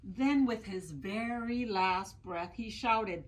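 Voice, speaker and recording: Woman library storyteller, slow and expressive, talks to young listeners. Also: medium pitch, rough recording. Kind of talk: reading a picture book aloud to children.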